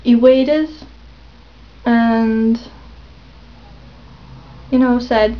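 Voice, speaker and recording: A woman rambling hesitantly in a casual confessional vlog, with lots of pauses and ums. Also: a little high, fairly even intonation. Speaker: vlogger. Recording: dull lo-fi webcam audio.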